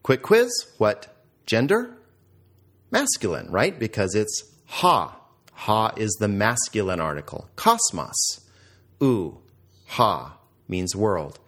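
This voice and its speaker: A man's voice: on the low side, sing-song, slow, a bit bright. A man teaching a Greek grammar lesson, explaining patiently and quizzing the listener.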